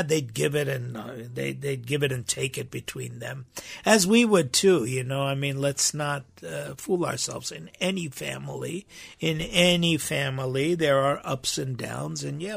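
A man's voice: mid-range voice, gravelly, breathy edge, dry recording. A man hosting a weekly faith program, talking reflectively and searching for his words with frequent restarts. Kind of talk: reflective spoken talk.

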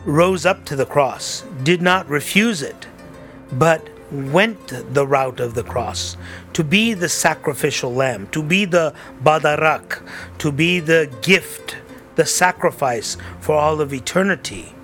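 A man's voice: fairly high pitch, animated, takes it slowly, fairly bright tone. Male priest, easy sermon delivery, faint music bed. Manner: conversational preaching, reads a story aloud.

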